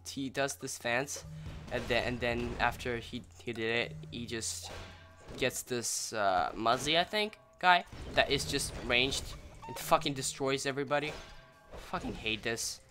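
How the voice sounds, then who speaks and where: A young man talking through a strategy game in a bright, edgy voice, rambling and saying sorry a lot before breaking into loud cheers and groans. He sounds a bit under the weather and clears his throat now and then. Faint music plays behind him. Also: medium pitch, measured pace. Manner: rambling, apologetic, bursts into excited yelling. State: slightly sick, clearing throat. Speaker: gameplay commentator. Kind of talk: casual let's-play commentary.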